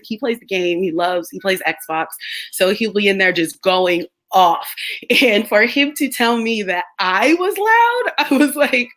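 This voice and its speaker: A young American woman chatting casually on a live stream, telling stories with lots of laughter and playful impressions of other people. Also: medium pitch. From United States. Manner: animated storytelling, laughs often, mimics others. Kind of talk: casual chat.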